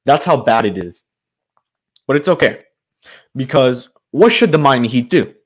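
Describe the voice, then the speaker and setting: A man's voice: mid-range voice, expressive, moderate pace. Male sports channel host, mid-range voice, exasperated improvised fan rant. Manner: frustrated, ranting, loosely improvised with fillers. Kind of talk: solo sports commentary rant.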